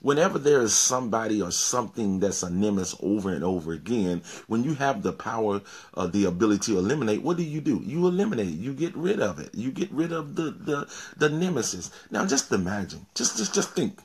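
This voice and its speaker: A male pastor preaches in a low, husky voice. He often repeats words and restarts his sentences, then climbs to forceful, emphatic peaks. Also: animated, brisk. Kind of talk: informal sermon.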